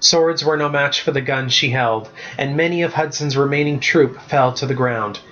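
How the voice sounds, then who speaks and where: Male author narrating his book, steady and even, mid-pitch, muffled lo-fi sound. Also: normal speed. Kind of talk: storybook narration. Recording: muffled lo-fi recording.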